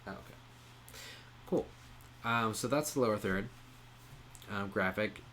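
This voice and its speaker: A man presenting a casual software tutorial, explaining each step in a relaxed way with frequent "um" pauses. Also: fairly low pitch, a little hiss or hum. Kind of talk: casual screen-share tutorial.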